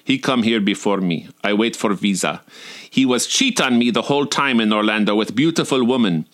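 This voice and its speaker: A man's voice: fairly low pitch, normal speed, natural voice. A man putting on a blunt Russian waitress in her sixties. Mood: confiding. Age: 60s. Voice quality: flat, stony, clipped broken English. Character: stern older Russian woman waitress, blunt.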